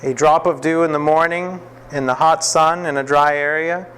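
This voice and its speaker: A man teaching a classroom Bible lesson, telling the story in a lively way, acting out the quotes and often laughing. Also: on the high side, normal speed, smooth.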